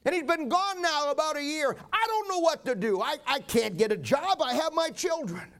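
A man's voice: extremely high pitch, expressive, moderate pace, fairly bright tone, pitched above the performer's own voice, heavily acted. A man preaching voices a weeping, desperate mother who begs for help. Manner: tearful, pleading.

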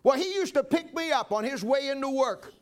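Pastor doing a humble blind beggar, high voice. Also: male voice, animated, fairly quick. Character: poor blind old male beggar.

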